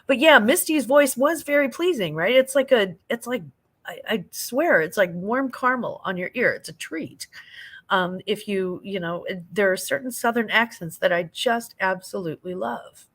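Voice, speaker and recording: A woman's voice: medium pitch, animated, normal speed. An older woman from St. Louis, chatting casually on a late-night livestream, rambling and laughing as she reads out viewer comments. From St. Louis, Missouri. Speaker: livestream host.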